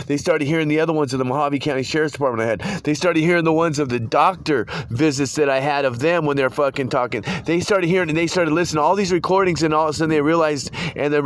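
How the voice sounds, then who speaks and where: A man telling a long, rambling court story, cursing and quoting others in his own voice. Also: mid-range voice. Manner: rambling, profane, retells quotes in his own voice. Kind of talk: casual phone-style conversation.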